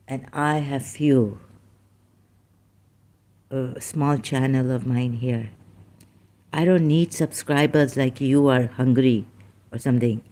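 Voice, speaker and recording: A YouTube channel host with a dark-toned, mid-range voice rants at commenters in an agitated, rambling monologue, breaking off now and then for apologetic asides.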